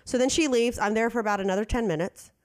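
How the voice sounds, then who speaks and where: A woman co-hosting a podcast, telling a story in casual chat, animated and acting out quotes in different voices. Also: fairly high pitch, fast talker. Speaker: podcast co-host.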